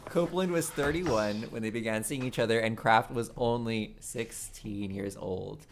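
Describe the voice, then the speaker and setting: A woman co-hosting a podcast quiz in casual chat, lively and teasing. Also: a bass voice, normal speed, noisy background. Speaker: podcast co-host.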